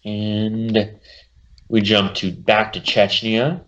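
Low-voiced man recapping comics. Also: level tone, fairly bright tone, muffled recording, slight background noise. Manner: summarizes plots and puts on quick character voices. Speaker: comic book podcast host. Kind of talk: casual chat recapping a comic.

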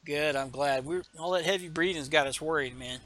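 A man's voice: fairly high pitch, a little fast, fairly bright tone. A man hosting a podcast, recapping a comic book in casual chat with rambling asides and many fillers. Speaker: podcast host.

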